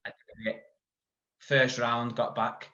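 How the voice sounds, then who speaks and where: A man's voice: medium pitch, little pitch movement, slow, pushed and bright. A man, a podcast guest telling a long story in casual chat, full of "like" and asides. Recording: dull lo-fi sound.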